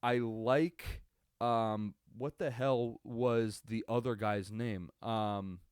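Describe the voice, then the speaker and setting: A man's voice: medium pitch, steady tone, drawn-out words, a little mellow, clear, resonant tone, no echo, studio quality. A young man hosting a casual solo sports podcast, rambling and swearing with lots of fillers and restarts. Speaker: podcast host. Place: home setup at a computer. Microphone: computer webcam recording.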